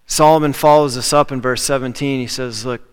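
A man's voice: medium pitch, fairly even intonation, a little fast, smooth. A man preaching a sermon as a pastor, in a conversational way that repeats key phrases for emphasis. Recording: long reverb of a large hall.

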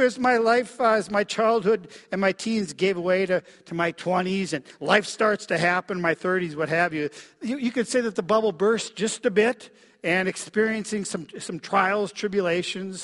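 A middle-aged man from Minnesota preaching a sermon as pastor, reflective and halting, with frequent fillers and soft dips in his voice. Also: sits high. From Minnesota, USA. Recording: long reverb of a large hall.

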